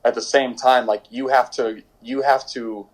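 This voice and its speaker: A young pro goalkeeper, a guest in a casual interview, speaks a little slowly in a steady, mid-range voice on a rough recording. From home during quarantine, he rambles through his stories, stopping and restarting with many fillers.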